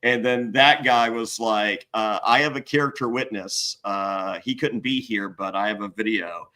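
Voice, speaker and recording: A man with a bright, ringing voice tells a rambling story in casual chat. He curses freely and leaps up in pitch whenever he acts out someone else's words, then drops back to a low, even telling. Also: measured pace. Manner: animated, swears, acts out other people's lines in high voices. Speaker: guest.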